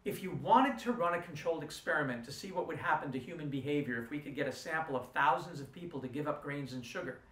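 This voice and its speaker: Middle-aged lecturer telling a story. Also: male voice, on the high side, fast, few pauses. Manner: animated anecdote-telling, voicing quotes. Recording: roomy, from a distance.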